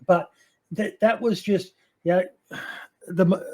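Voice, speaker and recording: A man's voice: high voice, steady tone, takes it slowly, a little mellow. A middle-aged man in casual podcast chat, rambling and swearing freely as he tells fond stories about a friend.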